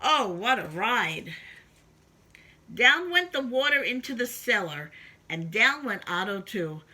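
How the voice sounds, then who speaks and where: A woman reads a children's picture book aloud in a bright, sparkling voice. Her pitch swoops up and down with sing-song emphasis, and she sits a little higher than most women. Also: sing-song, takes it slowly. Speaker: storybook reader. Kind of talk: reading a children's story aloud.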